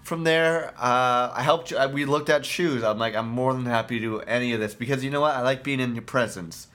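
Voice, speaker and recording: A man's voice: mid-range voice, a little fast, a bit bright. A man co-hosting a casual podcast chat, telling a story with goofy jokes. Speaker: podcast co-host.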